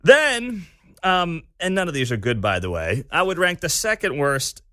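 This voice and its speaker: A male talk radio host who comments with sarcasm and swings his pitch all over. His voice is bright and forward. The studio sound is dry and close. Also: moderate pace, no echo. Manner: animated, sarcastic, mocking.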